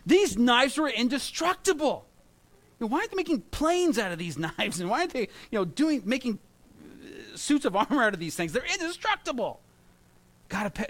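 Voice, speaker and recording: A man in his thirties preaching a sermon, telling animated stories with jokes and mimicry. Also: sits high. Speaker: pastor.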